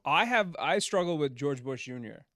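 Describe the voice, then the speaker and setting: A man's voice: on the high side, normal speed, no room sound, clean studio sound. A man who is a comedian, chatting casually and jokingly on a podcast. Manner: relaxed, joking, does president impressions. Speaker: stand-up comedian guest.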